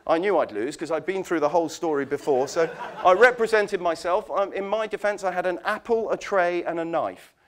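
A man giving a conference talk, telling animated anecdotes and acting out quoted voices. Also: sits high, brisk, hardly any pauses. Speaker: conference speaker. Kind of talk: storytelling keynote talk.

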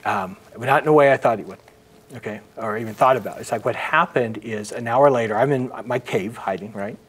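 A middle-aged man, a guest in an interview, earnestly telling a personal story and often dropping his voice to a hush. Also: medium pitch, brisk, slightly rough. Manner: earnest, narrates with acted quotes and frequent hushed drops.

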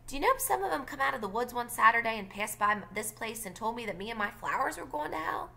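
A sharp-tongued older Southern woman speaks with dry, blunt wit, as a woman reads her lines aloud. Her voice is bright and swoops with lively intonation. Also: fairly high pitch, quick pace, gravelly, pitched above the performer's own voice, exaggerated voice. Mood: wry.

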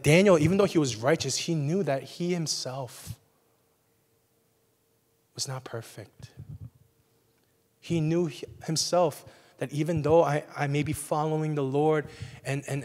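A man's voice: fairly high pitch, darkish tone. A young man preaching a sermon as a pastor in a conversational way, often checking in with "right?". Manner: conversational, frequent "right?" asides. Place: church sanctuary. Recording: long reverb of a church hall.

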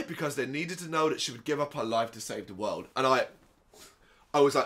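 A man co-hosting a casual movie review chat, animated and sarcastic, swearing often. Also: medium pitch, a little fast. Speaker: podcast co-host.

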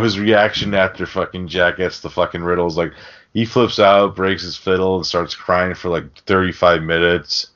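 A man's voice: sits low, a bit bright. A man hosting a podcast, recapping a film in casual chat full of swearing and rambling asides. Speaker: podcast host. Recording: dull lo-fi podcast audio.

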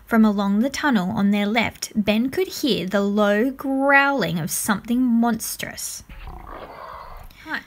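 A woman reading a children's book aloud, narrating chapter by chapter in a calm, even way. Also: on the high side, a little slow, few pauses, slight background noise. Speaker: storyteller.

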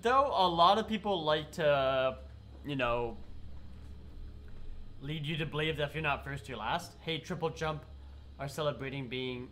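A man's voice: on the high side, a little hiss or hum. A man streaming a game live while sick, chatting to viewers and swearing at the game. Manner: swears and yells at the game, chats with chat. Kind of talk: live gameplay commentary.

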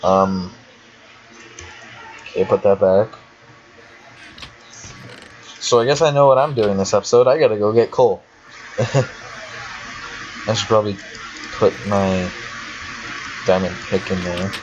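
A young man with a very low voice talks through his game in a loose, offhand way, muttering to himself and swearing now and then. The recording is dull and lo-fi, with a faint hiss underneath. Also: measured pace, long pauses. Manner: chatty, swears and laughs often, talks to himself. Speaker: let's player. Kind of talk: casual gameplay commentary.

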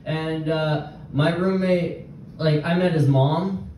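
A young man doing a rambling stand-up set with halting restarts and nervous laughs before a small live audience. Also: on the high side, steady tone, a little mellow. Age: young adult. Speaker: stand-up comedian. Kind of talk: open-mic stand-up set. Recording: very echoey room, distant mic, faint noise.

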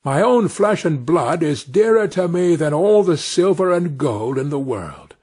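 A man's voice: a little high, animated, unhurried, darkish tone, slightly rough. A man voicing a poor woodman father in a read-aloud fairy tale, plain and fatherly.

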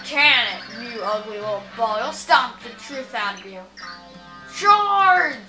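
A woman voicing a blustering, hot-tempered male turtle-monster king, with whiny, shouty bluster. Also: a little high, expressive, takes it slowly, heavily acted. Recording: roomy, game music behind.

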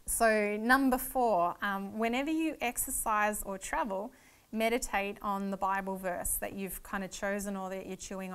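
A woman teaching a Bible lecture, her voice sitting at an ordinary middle pitch. She lays out numbered points earnestly and explains each one step by step. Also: clear, resonant tone.

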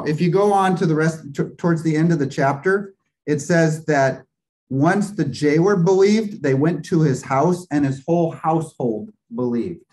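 A man leads a church Bible class at an unhurried pace. His voice sits a bit high for a man. He quizzes his listeners as he goes and breaks the Greek grammar into small steps. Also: darkish tone, low-quality recording. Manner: asks the class questions and waits for answers; explains Greek grammar step by step.

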